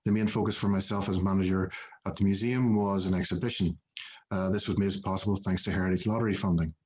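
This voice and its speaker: A man gives a prepared conference presentation in a fairly low voice, telling a story from his notes. He talks steadily and drops in plenty of "uh" fillers. The recording sounds dull and lo-fi. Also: fairly even intonation, fast talker, darkish tone, a little hiss or hum. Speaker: museum manager presenting at a heritage conference.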